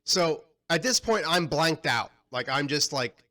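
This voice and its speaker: Young guy podcast co-host, swears a lot, bright forceful voice, pitched a bit high. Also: measured pace. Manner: animated, profane, frustrated storytelling. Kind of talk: casual storytelling.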